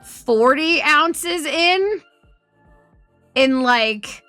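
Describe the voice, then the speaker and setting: A woman streamer chatting casually with her viewers, her voice high and bright. She swears freely and laughs through her story. The sound is dry and close, with faint music underneath. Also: animated, extremely slow, dry recording. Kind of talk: casual chat.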